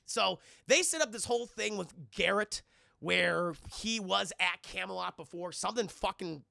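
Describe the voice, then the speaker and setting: A young man recapping a movie on a live stream, talking to his chat and swearing often as he rambles. His voice sits high, with heavy vocal fry and a bright edge. The sound is close and dry. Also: moderate pace, dry recording. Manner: rambling, profane, addresses chat.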